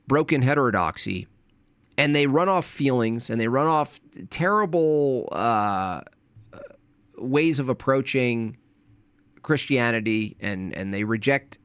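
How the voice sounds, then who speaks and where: An irritated man rants through a livestream, mocking his targets in mimicking voices. His voice sits at a middling pitch, recorded close and dry with no room sound. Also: a bit bright, smooth, no room sound. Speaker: commentator. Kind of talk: heated livestream commentary.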